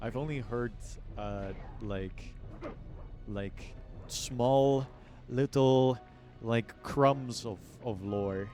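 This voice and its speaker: A man's voice: medium pitch, drawn-out words, mellow, faint music behind. A man streaming live and chatting casually, rambling along with plenty of self-mockery and offhand swearing.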